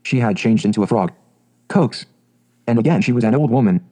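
A man narrating a fairy tale audiobook in a steady, measured way. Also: fairly low pitch, low-quality recording.

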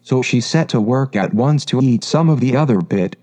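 A man narrating a classic children's story in a calm, measured reading voice. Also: mid-range voice.

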